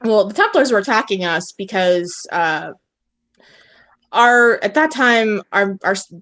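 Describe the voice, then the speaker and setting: A woman with a mid-pitched voice tells a story in a casual podcast chat. She hesitates and restarts often. Her tone stays matter-of-fact. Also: lively intonation, unhurried, a bit bright.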